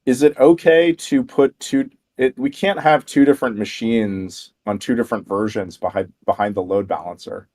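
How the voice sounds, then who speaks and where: A man co-hosting a livestream who talks bluntly, swears freely and thinks out loud. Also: medium pitch, normal speed, hardly any pauses. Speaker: developer co-host. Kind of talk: casual livestream chat.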